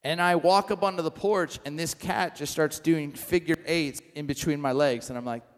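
A man's voice: on the high side, normal speed, hardly any pauses, long reverb tail. A man preaching a sermon, telling a funny story and acting out the dialogue, with a self-deprecating humor. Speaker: pastor.

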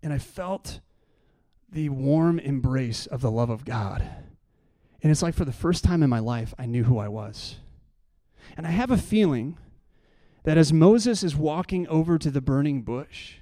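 A pastor preaching a sermon, telling a personal story and building to impassioned preaching. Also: male voice, on the high side, expressive, a little slow, dark tone, no echo, clean studio sound.

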